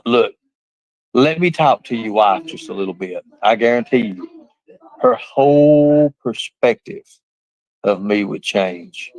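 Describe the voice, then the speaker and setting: A man's voice: on the low side, animated, slow, darkish tone, no room sound, dull audio. A man hosting a livestream, ranting in a boastful, profane, mocking way. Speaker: livestream host. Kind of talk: casual livestream rant.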